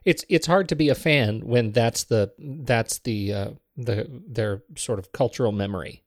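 A man co-hosting a podcast, talking about a film with enthusiasm and quick bursts of laughter. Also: mid-range voice, dry recording, clean studio sound. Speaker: podcast co-host. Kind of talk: casual film discussion.

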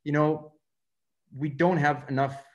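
A man's voice: a little high, lo-fi sound. A man in his thirties from Russia, speaking English, telling stories as a film director guest and acting out the lines of the people he quotes. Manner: fast, animated, acts out quoted dialogue. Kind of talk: casual interview storytelling.

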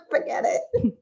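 A woman attorney from Massachusetts, a guest on a business podcast, chatting in a jokey, self-deprecating way. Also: darkish tone. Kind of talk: casual podcast chat.

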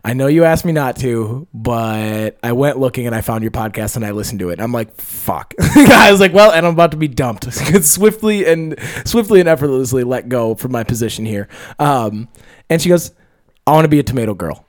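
A man's voice: medium pitch, expressive, a little fast, no room sound, studio quality. A young man co-hosting a casual podcast chat, telling stories with lots of jokes and laughter. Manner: joking, storytelling, laughs often. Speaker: podcast co-host.

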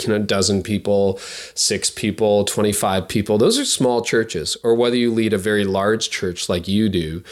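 Brief: low-pitched male podcast host, upbeat and chatty, easy conversational read. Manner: upbeat, chatty, quick asides. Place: office studio at a lakeside retreat.

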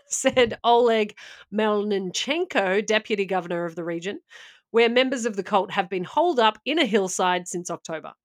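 A woman's voice: mid-range voice, lively intonation, normal speed. A woman co-hosting a podcast, telling a story in a chatty, self-mocking way. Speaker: podcast co-host. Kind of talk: casual chat and storytelling.

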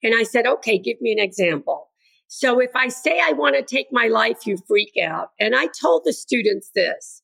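A woman's voice: on the high side, expressive, moderate pace, vocal fry, a bit bright. An older woman, a grandmother and educator, speaking earnestly as an interview guest and acting out what kids and parents say. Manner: earnest, acts out quoted voices. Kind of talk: conversational interview.

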